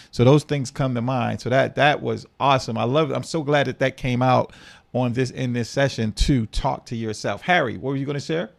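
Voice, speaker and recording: A man's voice: medium pitch, moderate pace, creaky. A man hosting an online panel discussion, hyping his guests with motivational call-and-response energy. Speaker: host.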